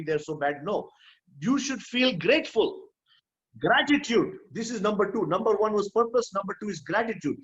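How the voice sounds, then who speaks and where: In lo-fi audio, a high-voiced motivational speaker addresses an online event. Emphatic throughout, he circles back to his key phrases and regularly asks "hmm?".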